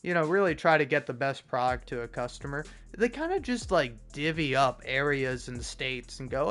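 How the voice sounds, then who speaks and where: A man's voice: medium pitch, big pitch swings, normal speed, few pauses, a bit bright, faint music behind. Sarcastic rambling young man gaming. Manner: sarcastic, rambling, swears a lot, stammers on restarts. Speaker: gaming streamer.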